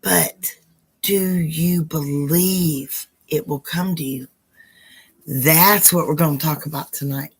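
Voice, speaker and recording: A woman hosting a live psychic Q&A stream, chatty and affectionate with her viewers, her voice hoarse and rough. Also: sits low, slow pace.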